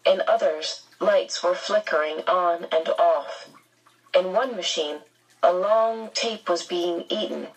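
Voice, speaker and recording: A woman reads an audiobook slowly and steadily, in a measured storytelling voice. Her tone is breathy and soft-edged. She sits somewhat back from the mic. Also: fairly low pitch, recorded from a distance, low-quality recording. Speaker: narrator. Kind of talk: audiobook narration.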